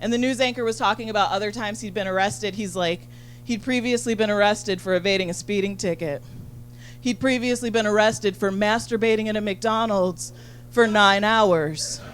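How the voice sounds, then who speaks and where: A woman's voice: medium pitch, slight background noise. Chatty, profane woman stand-up comic. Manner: rapid, chatty, full of "like" and profanity. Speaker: stand-up comedian. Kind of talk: stand-up comedy set. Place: comedy venue.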